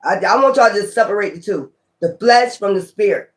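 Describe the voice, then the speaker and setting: A man giving a casual tarot reading to his viewers, blunt and profane, talking in an animated way. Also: high voice, fairly quick. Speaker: tarot reader.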